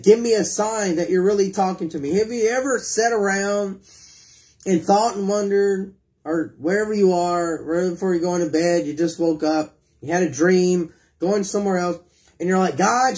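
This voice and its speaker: The man delivering this sermon has a high-pitched, dark-toned voice and talks at normal speed. He reads from scripture, asks the congregation questions, and performs prayers in a pleading manner.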